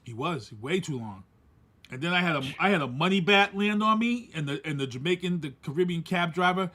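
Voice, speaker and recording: Podcast guy telling a story, a bit high pitched, laughs a lot. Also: fairly quick. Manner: animated, laughing, acts out quoted voices. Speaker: podcast co-host. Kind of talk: casual storytelling.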